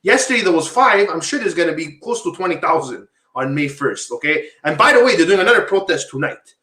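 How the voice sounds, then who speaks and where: Speaking briskly in a slightly high, expressive voice that comes across pushed and bright, this podcast host from Quebec, Canada, runs a casual talk show. He wanders off topic, says things more than once, and calls his audience "guys," all in an echoey space.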